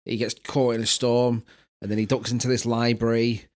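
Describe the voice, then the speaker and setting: Animated man telling stories. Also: mid-range voice, normal speed. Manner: animated storytelling, puts on quoted voices. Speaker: podcast co-host. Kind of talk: casual chat.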